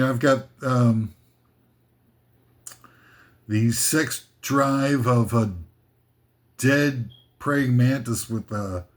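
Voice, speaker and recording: Slow, rambling man reading a comic list. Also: mid-range voice. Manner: rambling, self-mocking, drifts off topic. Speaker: host of a list video.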